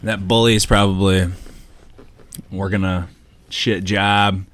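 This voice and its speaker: A man's voice: low-pitched, flat delivery, slow pace, a bit bright, smooth. A man co-hosting a podcast, casually recapping a horror film in a loose, chatty way. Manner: loose and chatty, with many fillers. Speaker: podcast co-host.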